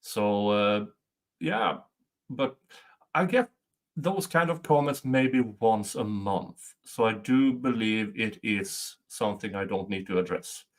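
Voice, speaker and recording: A man's voice: fairly low pitch, takes it slowly. A man whose first language is not English, hosting casual commentary in a dry, joking way. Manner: dry, self-deprecating humor. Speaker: trial commentary host.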